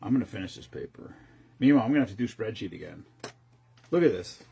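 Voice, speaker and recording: Casual host, man in his fifties, very husky and raspy, lively rambling delivery. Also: on the low side, quick pace. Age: 50s. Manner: rambling and profane, with frequent restarts. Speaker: streamer host. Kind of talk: casual chat.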